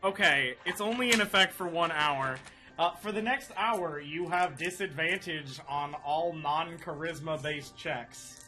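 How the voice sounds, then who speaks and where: A man running a tabletop game as dungeon master, animated and laughing often. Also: fairly high pitch, unhurried, over music.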